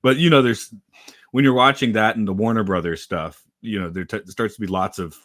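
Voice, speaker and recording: A man co-hosting a podcast, musing hesitantly about old animated films with many fillers. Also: fairly low pitch, a little fast, no room sound, clean studio sound. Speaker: podcast co-host. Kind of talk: casual discussion.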